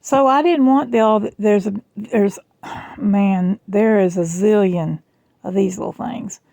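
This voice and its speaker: A middle-aged woman with a Southern US accent, rambling chattily in a casual vlog, her voice strained and rough. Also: medium pitch, measured pace, warm tone, dry recording. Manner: chatty, rambling, self-deprecating. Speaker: jewelry vlogger. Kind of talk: casual chat. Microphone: phone camera.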